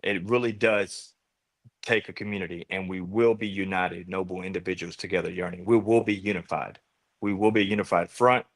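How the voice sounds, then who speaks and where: A man speaking as a guest over a video call, earnest and halting, repeating words as he searches for what to say. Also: low-pitched, steady tone, no room sound. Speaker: guest, veteran. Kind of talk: casual conversation.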